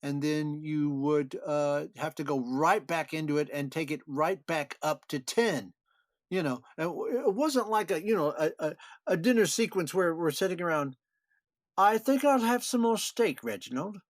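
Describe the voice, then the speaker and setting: An older actor, a guest on an interview podcast, telling animated behind-the-scenes anecdotes with frequent chuckles. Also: male voice, a little high, normal speed, no room sound, clean studio sound. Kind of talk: storytelling interview.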